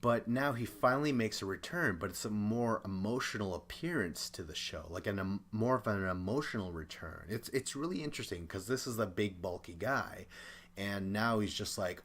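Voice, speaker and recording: A man's voice: lowish voice, lively intonation, normal speed, a bit bright. A young man hosting a podcast, giving a chatty, opinionated recap and acting out the quotes. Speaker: podcast host. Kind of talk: casual recap commentary.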